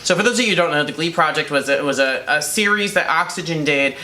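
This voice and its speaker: A young man co-hosting a casual chat and telling a self-mocking story with animated energy. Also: fairly high pitch, fast. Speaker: co-host. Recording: echoey room, faint noise.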